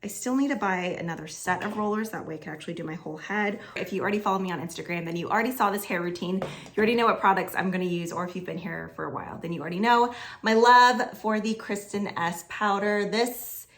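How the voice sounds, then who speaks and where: A woman beauty vlogger chatting casually through a makeup tutorial, full of "like" fillers, a little hoarse as she says she is losing her voice. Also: medium pitch, fast.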